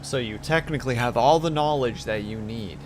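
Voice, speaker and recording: A man's voice: mid-range voice, brisk, over music. A man streaming a game, chatting casually and joking with his chat and co-player. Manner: lively, animated, jokey with chat.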